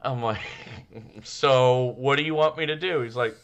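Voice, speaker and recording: On a laid-back comedy podcast he co-hosts, a man with a smooth, medium-pitched voice takes his time telling stories, lively in delivery and voicing each quote.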